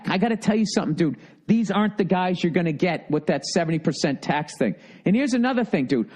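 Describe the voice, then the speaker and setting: A man's voice: sits high, darkish tone. A man in his fifties with a Boston accent, ranting profanely and with exasperation as a podcast host reading listener mail.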